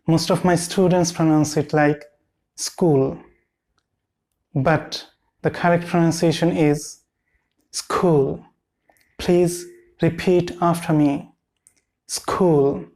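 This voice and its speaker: A man gives a pronunciation lesson at a very slow, deliberate pace. He repeats each word several times for the viewer to copy, like a teacher drilling a class. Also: on the high side, darkish tone.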